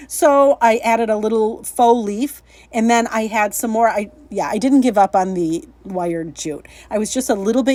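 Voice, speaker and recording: With a voice on the high side yet darkish in tone, a woman leads a relaxed crafting tutorial, recorded with no room sound. She chats cheerfully and laughs often at her own slip-ups.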